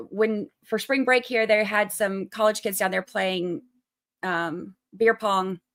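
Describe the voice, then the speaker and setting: Southern woman from Georgia, livestream host; bright, forward tone, chatty, explains things plainly. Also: medium pitch. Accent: Southern American (Georgia). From Georgia, USA. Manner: chatty and upbeat, explains court steps plainly. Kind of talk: casual livestream commentary, reading viewer chat. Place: indoors, away at the beach this week.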